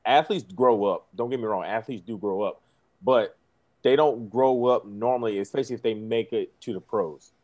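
A man who coaches football tells lively stories in casual chat and acts out the kids' lines. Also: on the low side, moderate pace. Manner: animated storyteller, acts out kids' voices, laughs often.

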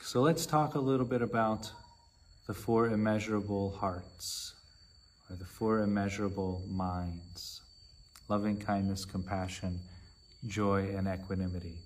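A man with a low-set voice gives a dharma talk as a meditation teacher. He speaks very slowly and in a measured way, letting long pauses fall between short phrases. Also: fairly even intonation.

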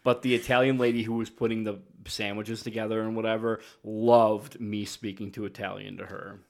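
A man's voice: on the low side, little pitch movement, moderate pace, gravelly. A man co-hosting a podcast, telling rambling travel stories in casual chat and mocking himself. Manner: rambling storyteller, self-mocking. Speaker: podcast co-host.

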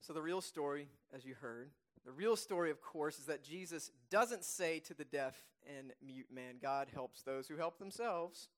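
Emphatic preacher man with a higher voice. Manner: emphatic, repeats key phrases; reads scripture slowly and softly. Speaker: pastor. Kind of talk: sermon.

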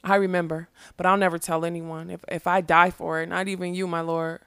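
A spirited woman guarding a secret with fierce resolve, read by a woman. The voice is low with a gravelly grain, close and dry. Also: flat delivery, a little fast, a bit bright, no room sound. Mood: defiant.

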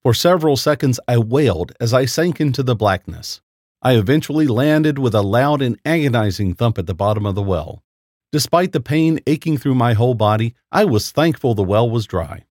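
Lively male horror-story narrator. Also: medium pitch, moderate pace, no room sound, studio quality. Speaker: story reader.

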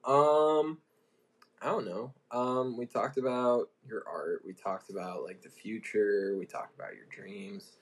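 A man casually interviewing his fiancé on a podcast, relaxed and easygoing, often pausing with ums. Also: fairly low pitch. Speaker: co-host asking questions, host's fiancé. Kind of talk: casual chat.

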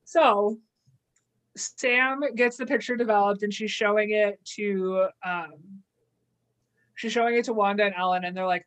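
A woman in relaxed conversation on a podcast, walking through a TV episode scene by scene. She talks at a middling pitch and slips into quick impressions of the characters' lines. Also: poor audio. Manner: animated storyteller, acts out quotes. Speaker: podcast co-host. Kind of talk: casual chat recapping a TV episode.

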